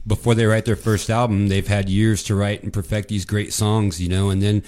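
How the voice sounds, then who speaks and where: Laid-back low-voiced male host. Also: little pitch movement, normal speed, a little mellow. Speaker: show host. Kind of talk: casual interview chat.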